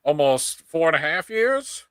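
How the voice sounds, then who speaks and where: A man talking in a casual podcast chat, sarcastic and quick to swear. His pitch sits a bit high and swings widely. The sound is close and dry with no room around it. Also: sing-song, a bit bright, clean tone, dry recording. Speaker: podcast co-host.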